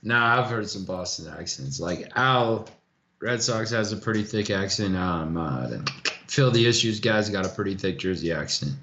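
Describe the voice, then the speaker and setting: A man's voice: on the low side, moderate pace. A blunt man from Colorado talking in an everyday mid-range voice. The recording is roomy and slightly muffled, with a faint hiss in the background. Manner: blunt, loyal, swears freely. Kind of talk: casual table chat.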